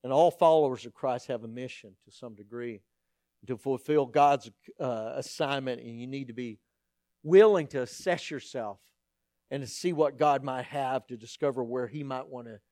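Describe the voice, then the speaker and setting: A middle-aged man, preaching a sermon as a pastor and telling stories in an animated, humorous way. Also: medium pitch, moderate pace, no room sound, studio quality.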